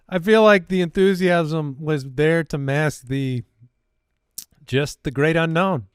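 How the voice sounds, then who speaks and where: Brief: man, comedy podcast co-host, slightly high, smooth clear voice, dry close sound. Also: slow, no echo. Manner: wry, questioning banter. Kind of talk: casual comedy chat.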